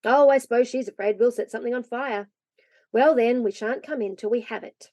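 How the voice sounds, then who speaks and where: A woman voicing a practical older brother who speaks calmly and reassuringly. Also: on the high side, brisk, no room sound, natural voice.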